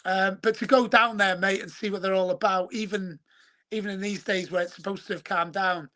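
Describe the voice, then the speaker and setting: A man's voice: high voice, fairly even intonation, fairly quick, pushed and bright. A man from Wales, chatting as a guest in a rambling, chummy way and calling the host mate. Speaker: guest, football show presenter. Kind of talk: casual chat.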